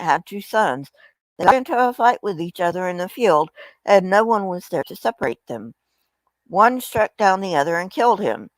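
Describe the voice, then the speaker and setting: A woman's voice: mid-range voice, dry recording, natural voice, rough recording. A woman reading as a pleading, humble widow.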